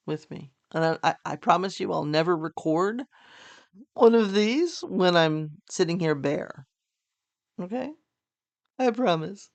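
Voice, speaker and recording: Gravelly-voiced tired woman. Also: deep voice, no echo. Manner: chatty, joking, rambling. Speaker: podcast host. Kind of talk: casual political monologue.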